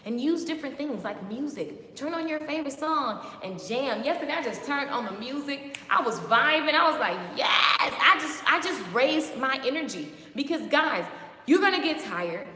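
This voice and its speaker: A woman giving a lively, chatty motivational talk on a live stream, greeting viewers by name. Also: high voice, fairly quick. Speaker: motivational vlogger. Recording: echoey with long reverb.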